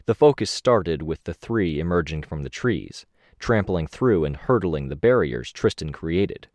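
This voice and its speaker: A man narrating an audiobook in a steady, expressive reading. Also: deep voice, measured pace, no echo, clean studio sound.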